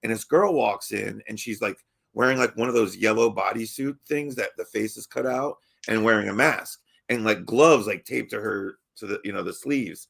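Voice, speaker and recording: A young man from Baltimore hosting a podcast, his voice gravelly with fry. He rambles through a story in casual chat, cursing freely, laughing often and stumbling over his restarts. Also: lowish voice, moderate pace, few pauses, fairly bright tone. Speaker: podcast host.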